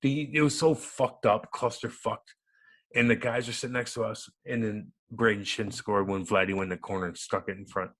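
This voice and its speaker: A man, a former hockey enforcer turned radio host, telling a loud, profane, animated story in an interview. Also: fairly low pitch, moderate pace. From United States.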